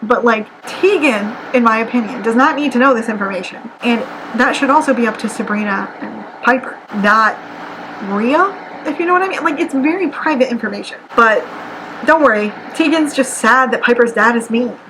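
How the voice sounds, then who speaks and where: A woman's voice: on the high side, moderate pace. A woman giving a chatty, sarcastic book review at home, with an air conditioner humming in the background. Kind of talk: casual ranting book review. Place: apartment room. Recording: noisy home recording with AC hum. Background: air conditioner hum.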